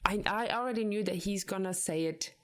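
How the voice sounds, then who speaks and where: A woman's voice: medium pitch, fairly quick. A woman co-hosting a podcast, chatting candidly and acting out the lines she quotes. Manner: candid, animated retelling with acted-out quotes. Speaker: podcast co-host. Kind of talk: casual chat.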